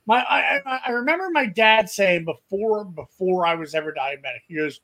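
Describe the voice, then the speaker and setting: A man co-hosting a podcast, telling crude stories in a rowdy, profane way with loud put-on quotes. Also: sits high, animated, normal speed, hardly any pauses. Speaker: podcast co-host. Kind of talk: crude casual chat.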